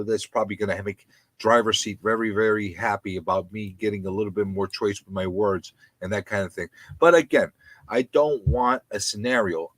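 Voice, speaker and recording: Animated, indignant New man ranting. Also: lowish voice, dry recording, poor audio. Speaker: live stream host. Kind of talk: ranting live stream commentary.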